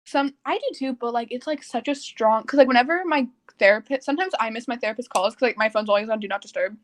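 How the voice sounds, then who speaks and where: Talking fast at a fairly high pitch, a young woman from Texas co-hosts a laid-back podcast chat. She laughs, rambles, and leans heavily on fillers.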